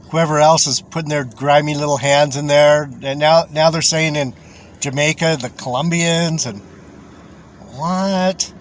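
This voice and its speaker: Guy rambling slow about religion, kinda high voice, keeps chuckling and saying stuff twice. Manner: rambling, chuckles often, repeats himself, swears. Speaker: religious commentator.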